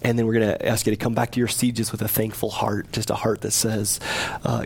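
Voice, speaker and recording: Earnest, husky-voiced man pastor. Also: fairly low pitch, little pitch movement, a little fast. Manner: earnest, gently pleading, with soft laughs. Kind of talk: sermon. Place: church sanctuary.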